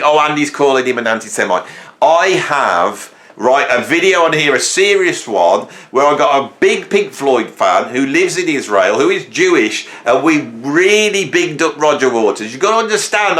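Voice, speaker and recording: A man's voice: on the high side, pushed and bright. A man from England hosting a rambling comic monologue, joking and telling stories with sudden jumps in his voice. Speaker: host.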